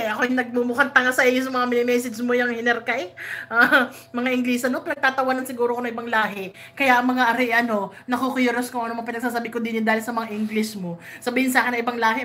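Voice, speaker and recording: A woman with a Filipino accent chats through a live stream in a high, bright voice. She giggles between lines, mixes English with Tagalog and keeps her tone teasing and playful. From Philippines. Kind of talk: casual live-stream chat.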